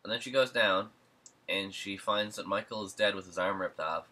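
A podcast co-host with a deep, bright, forceful voice recaps a film's plot at a normal pace. The chat is casual and rambling, packed with "like"s and "um"s.

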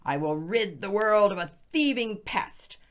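A woman voicing an angry old woman who has caught a thief in her garden, with a loud, triumphant threat. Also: medium pitch, expressive, unhurried, pitched above the performer's own voice.

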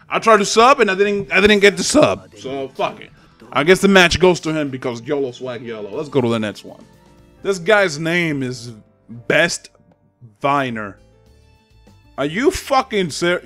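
A young gaming channel host trash-talks and swears while commentating on online gameplay from his home apartment, with neighbors upstairs. His voice is on the high side, sing-song, and fairly bright at a moderate pace, with soft background music.

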